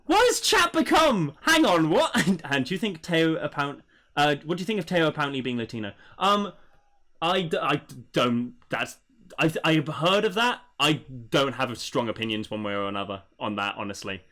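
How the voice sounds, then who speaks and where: Bright-voiced rambling man streaming. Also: on the high side, moderate pace. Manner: rambling, many fillers, laughs at chat. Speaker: livestreamer reviewing a book. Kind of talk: casual livestream commentary.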